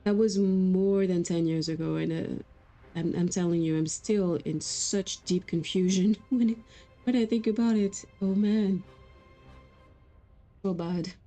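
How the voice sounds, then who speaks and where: A woman's voice: on the low side, steady tone, a little slow, mellow, soft background music, low-quality recording. A woman streaming a game, chatting casually and telling rambling stories with frequent laughs. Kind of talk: casual gameplay chat.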